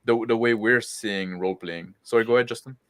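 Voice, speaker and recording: A man's voice: fairly low pitch, steady tone, a little fast, a bit bright, no echo, clean studio sound. A man who runs tabletop games, chatting casually on a stream, rambling with fillers. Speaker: game master. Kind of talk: casual group chat on a stream.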